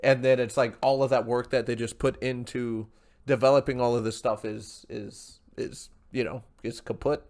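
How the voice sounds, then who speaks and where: A man's voice: mid-range voice, level tone, normal speed, a little mellow. Man hosting a casual podcast. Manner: reads viewer questions from live chat, agreeable. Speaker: podcast host.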